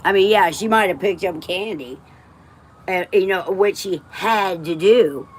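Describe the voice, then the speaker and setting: A woman's voice: fairly low pitch, unhurried, slightly rough. A woman from West Texas, livestreaming and telling rambling personal stories in a blunt, emotional way, swearing freely and drifting off topic.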